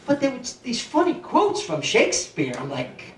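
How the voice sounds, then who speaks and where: A man's voice: extremely high pitch, wildly swooping pitch, normal speed. A man, doing a stand-up comedy set with a brash, blunt wisecracking delivery. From Brooklyn, New York. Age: 50s. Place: comedy club stage. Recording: roomy club sound from a distant mic, crowd noise.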